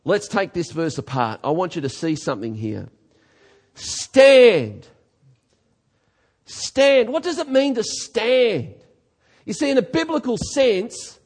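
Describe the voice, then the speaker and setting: This is a pastor delivering a sermon in a high-pitched voice. He is emphatic and swings between quiet, low remarks and shouted declarations. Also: slightly rough.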